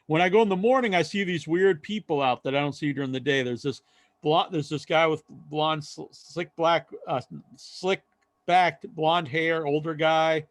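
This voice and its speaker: A man co-hosting a podcast, telling a long story in casual chat and acting out other people's lines loudly. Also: on the high side, normal speed, no echo, clean studio sound. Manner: rambling storyteller, acts out quoted voices loudly. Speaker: podcast co-host.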